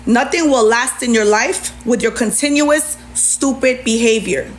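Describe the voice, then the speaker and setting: A middle-aged woman with a fairly high voice, talking indignantly and sarcastically into her phone on a live stream. She reads out messages and fires back at them. A faint noise sits under her voice. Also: moderate pace, hardly any pauses. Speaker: livestreamer. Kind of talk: heated TikTok live rant.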